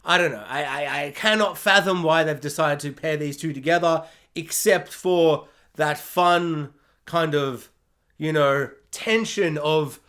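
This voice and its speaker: A TV reviewer talking sarcastically and laughing often, jumping between high and low pitch. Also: lively intonation, unhurried, fairly bright tone.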